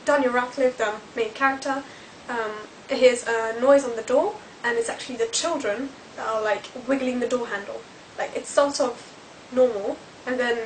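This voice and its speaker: A woman's voice: a little high, distant mic, a little hiss or hum, low-quality recording. A woman, chatting to camera as a vlogger, rambling with lots of fillers.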